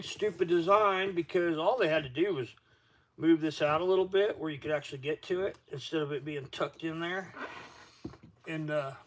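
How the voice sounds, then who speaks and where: A middle-aged man with a Southern accent, sounding tired and a touch high-voiced, rambling through a casual livestream from his garage workshop. He drifts from topic to topic and stops to greet viewers by name. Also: a bit bright, slight background noise. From Florida. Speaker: outdoor livestream host.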